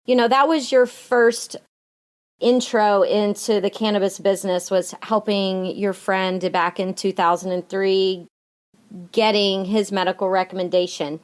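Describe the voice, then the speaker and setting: A woman's voice: mid-range voice, fairly even intonation. A woman hosting a casual podcast interview, friendly and encouraging with her guest. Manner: friendly, encouraging, quick to laugh. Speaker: podcast host.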